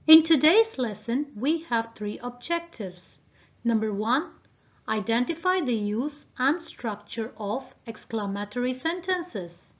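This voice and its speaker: A woman teacher giving a recorded video lesson, speaking deliberately and addressing her students directly. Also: on the high side, expressive. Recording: dull lo-fi video audio.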